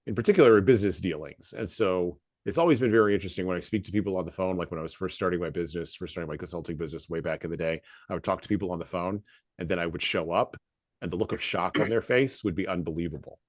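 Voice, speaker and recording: Deep-voiced measured American host. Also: male voice, no echo, studio quality. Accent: flat Midwestern American. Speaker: podcast host. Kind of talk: casual podcast conversation.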